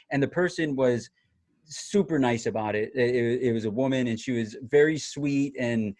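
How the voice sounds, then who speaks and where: A man tells a long story in relaxed chat, his voice animated and often breaking into laughter. He restarts his sentences and leans on fillers. The sound is dry and close, with no room echo. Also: mid-range voice, moderate pace. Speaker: former TV reporter telling a story.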